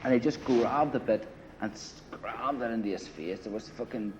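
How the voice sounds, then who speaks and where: In a grungy apartment, an interviewee with a mid-range voice casually tells a long war story at a moderate pace, rambling, swearing and repeating "you know" and "right." Slight background noise sits under the dull lo-fi 1980 film audio.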